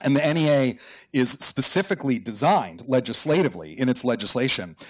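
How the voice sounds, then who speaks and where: A man's voice: mid-range voice, brisk, slightly rough. A man being interviewed about his book, telling stories with energy and acting out the people he quotes. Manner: animated storyteller, acts out quotes, some restarts. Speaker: author and guest. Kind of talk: conversational radio interview.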